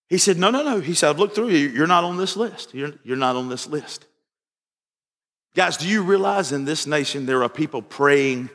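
A man's voice: a little high, a bit bright. A male pastor preaching an evening sermon, telling folksy stories and repeating his phrases. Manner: folksy storytelling, repeats phrases, acts out dialogue. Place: church sanctuary. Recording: reverberant church hall.

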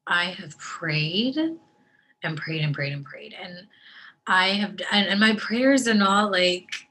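Tearful woman speaking slowly and softly. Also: fairly low pitch, poor audio. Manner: soft, halting, often drops to a breathy whisper; slow, hesitant delivery with long pauses. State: tearful, crying. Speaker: vlogger sharing her faith. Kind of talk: emotional personal video diary.

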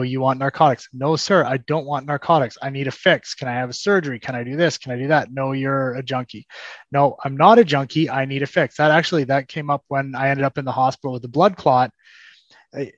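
A man's voice: mid-range voice, dry recording, highs cut off. A young adult man, a podcast guest, telling a personal story and acting out the dialogue, with frequent restarts. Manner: animated, acts out quoted dialogue, frequent restarts.

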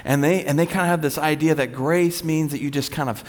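A man, a pastor, giving a relaxed, conversational sermon with self-deprecating humor. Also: fairly high pitch, a little fast. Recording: long reverb of a large hall.

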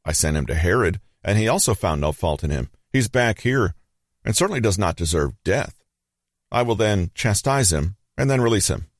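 A man's voice: lowish voice, animated, moderate pace, dry recording, studio quality. A man voicing a troubled, reluctant Roman governor who argues and pleads with an angry crowd. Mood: reasoning.

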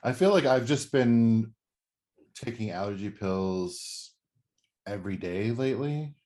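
Low-pitched male podcast co-host, easygoing and chatty. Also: animated, measured pace, a little mellow. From US Pacific Northwest. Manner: chatty, filler-heavy. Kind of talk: casual chat.

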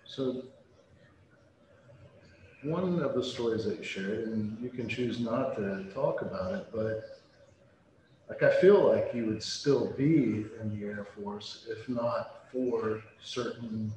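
A man's voice: on the low side, darkish tone. A man interviewing a guest, asking casual questions in a hesitant way, full of fillers. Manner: slow, hesitant, filler-heavy. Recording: very echoey room with faint noise.

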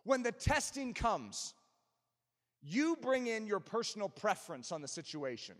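A man preaching in a church sanctuary, his fairly high voice swinging widely as he presses each point home. He mixes fervent emphasis with wry, self-mocking asides. A long reverb from the big hall trails behind every phrase. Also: unhurried. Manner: emphatic, animated preaching with self-deprecating humor. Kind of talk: sermon.

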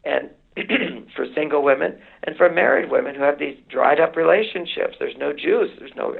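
Heard over a phone line, a relationship author in his sixties explains advice as a guest on a radio show. His voice is on the high side, gravelly and husky, expressive at a moderate pace, and he lectures emphatically, building points through repetition.

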